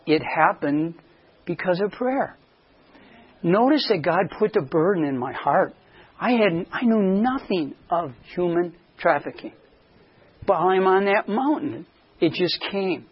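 A man preaching as a pastor, telling a story and acting out the dialogue with lively shifts in voice. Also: high-pitched, unhurried, breathy edge. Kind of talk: sermon storytelling. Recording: dull lo-fi sound.

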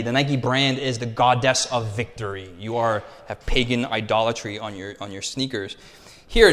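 American man preaching in a reverberant hall. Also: medium pitch. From United States. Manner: animated, call-and-response preaching with rhetorical contrasts. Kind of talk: sermon. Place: church hall.

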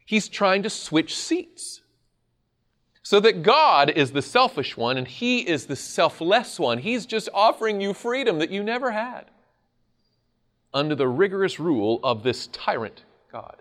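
A man preaching a sermon in an animated, conversational way, often laughing at his own points. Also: sits high, measured pace.

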